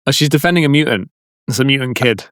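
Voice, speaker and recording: A man's voice: mid-range voice, fast talker, a bit bright, no echo, clean studio sound. A man co-hosting a podcast, chatting casually and eagerly explaining details of a tabletop game. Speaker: podcast co-host.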